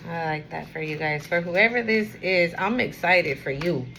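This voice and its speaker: A woman giving a casual spiritual card reading to camera, rambling and encouraging the viewer, sometimes dropping to a quieter murmur. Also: on the low side, normal speed, background noise. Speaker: tarot and oracle card reader.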